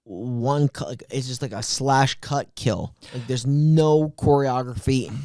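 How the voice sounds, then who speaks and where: A man's voice: medium pitch, slow, darkish tone, no echo, clean studio sound. A man co-hosting a podcast who talks bluntly about a film in casual chat and swears freely. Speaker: podcast co-host. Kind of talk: casual movie review chat.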